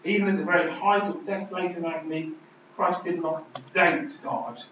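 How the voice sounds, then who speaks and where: A man preaching a sermon, emphatic, swinging between loud declarations and hushed lines. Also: fairly high pitch, steady tone, normal speed, slight background noise. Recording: distant, roomy, dull hall recording.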